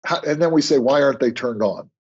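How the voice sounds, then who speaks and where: An older man, a podcast guest, chatting casually and telling stories with lively quoted dialogue. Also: mid-range voice, fast talker, breathy edge. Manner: storytelling, animated when quoting others. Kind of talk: conversational interview. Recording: muffled lo-fi remote audio.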